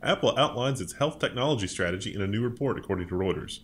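A man with a low voice reads out tech headlines on a casual news show. Between items he riffs on them with dry sarcasm. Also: lively intonation, fast, a bit bright. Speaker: co-host reading headlines.

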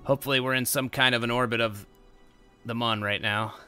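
A young man commentating a game he is playing, his voice very bright and smooth. He talks casually and gets excitable, breaking into loud exclamations, with faint game music underneath. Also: medium pitch, a little fast. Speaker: gameplay commentator. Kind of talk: casual let's-play commentary.

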